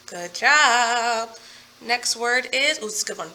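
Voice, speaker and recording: Bright, high-voiced upbeat woman teacher. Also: lively intonation. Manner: upbeat, playful, slow and emphatic. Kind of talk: online phonics lesson.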